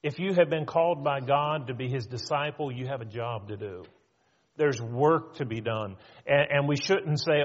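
A man's voice: medium pitch, unhurried. Man preaching in an echoing hall. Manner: conversational preaching, acting out quoted voices. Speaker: pastor. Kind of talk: sermon. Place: church sanctuary. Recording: muffled church hall with long reverb.

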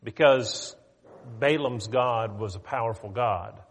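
A man preaching a sermon, retelling a story in a conversational, animated way. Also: medium pitch, takes it slowly. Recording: long hall reverb.

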